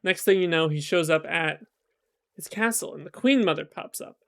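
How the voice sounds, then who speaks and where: A man's voice: on the high side, normal speed, creaky, a bit bright. A male streamer casually retelling a folk tale, chatty and rambling with lots of fillers. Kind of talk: casual storytelling while gaming.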